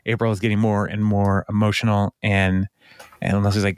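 A man's voice: fairly low pitch, level tone, normal speed, clear, resonant tone, no echo, clean studio sound. Man retelling scenes in playful voices. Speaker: podcast co-host. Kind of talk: casual recap chat.

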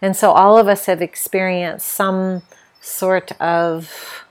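A woman's voice: mid-range voice, little pitch movement, slow pace. A middle-aged woman hosting a podcast, speaking candidly and emotionally about a personal experience, with many fillers. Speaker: podcast host. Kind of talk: reflective personal monologue.

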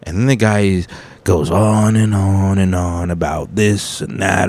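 A man's voice: low voice, fairly even intonation, a little slow, creaky, a little mellow. A man hosting a podcast, telling a rambling, profane story in a casual monologue and acting out the people in it. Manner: rambling, profane, quotes people in his stories. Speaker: podcast host and stand-up comic.

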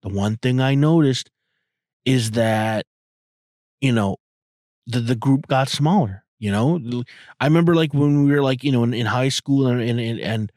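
A man's voice: medium pitch, moderate pace, a little mellow, no room sound. Rambling, foul-mouthed man with a dry sound. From outside the US. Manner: rambling, profane, full of fillers. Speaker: podcast host. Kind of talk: casual monologue.

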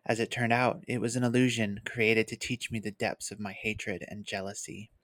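A reader voicing a frail cold male mage, hushed and gentle, storybook reading, dry close mic. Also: medium pitch, steady tone, moderate pace, no room sound, close to an everyday voice. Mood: cold, calm. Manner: soft, quiet and gentle. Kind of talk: read-aloud novel passage.

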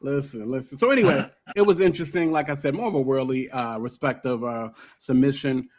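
A man's voice: mid-range voice, brisk, darkish tone. A man hosting a casual podcast discussion, loose and filler-heavy, with playful throwaway asides. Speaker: podcast host.

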